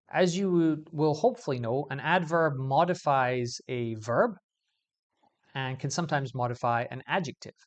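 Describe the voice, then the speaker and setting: A man teaching English grammar in a video lesson, explaining clearly and stressing key words as he goes. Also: on the high side.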